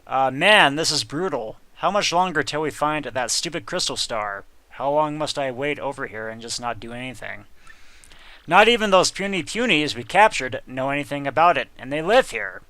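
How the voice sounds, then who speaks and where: A man's voice: fairly high pitch, animated, normal speed, bright, forceful tone, no echo. A man giving joking, sarcastic commentary while playing a video game. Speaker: let's play host. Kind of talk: gameplay commentary.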